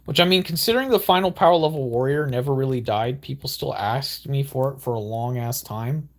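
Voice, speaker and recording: A young man giving excitable, rambling gameplay commentary with exaggerated outbursts. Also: medium pitch, brisk. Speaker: gaming YouTuber.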